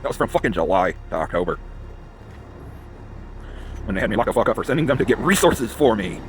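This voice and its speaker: A man vents into the camera in a furious, profanity-laced monologue, talking very fast. His pitch leaps around as he loses his thread and circles back. Faint music plays behind him. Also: very animated. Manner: agitated, swearing, going off on tangents. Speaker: vlogger. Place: in a vehicle.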